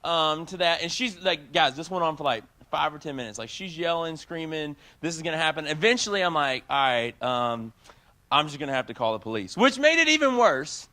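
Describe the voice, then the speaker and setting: A young man in his twenties giving a casual youth sermon, telling a story in an animated way and talking straight to the crowd. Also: fairly high pitch. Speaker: youth speaker.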